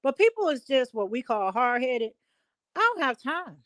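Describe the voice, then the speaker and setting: A middle-aged woman on a call-in talk show, telling a story at length in an emphatic, animated way. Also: sits high, normal speed, no room sound. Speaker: guest. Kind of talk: casual chat.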